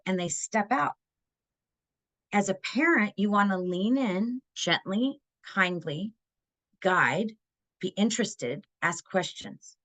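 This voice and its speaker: Middle-aged woman, parenting webinar presenter, earnest, conversational, mid-pitched voice. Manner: earnest, conversational, often asks "right?".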